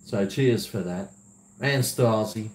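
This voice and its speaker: A man's voice: lowish voice, takes it slowly. A man who hosts a livestream, chatting casually, rambling and laughing as he reads viewer messages. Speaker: livestream host. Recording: roomy echo.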